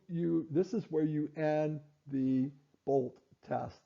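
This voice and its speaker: Man, clinician-teacher, gravelly, mellow tone, dull lo-fi recording, stresses points over and over. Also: fairly high pitch, unhurried. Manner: repeats and stresses key points, with fillers and restarts. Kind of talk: instructional explanation.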